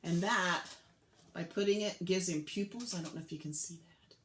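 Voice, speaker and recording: A woman's voice: on the low side, moderate pace, fairly bright tone. A woman guiding children through a clay craft step by step, patient and often dropping to a near whisper. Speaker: craft teacher. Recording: echoey room, faint clicks.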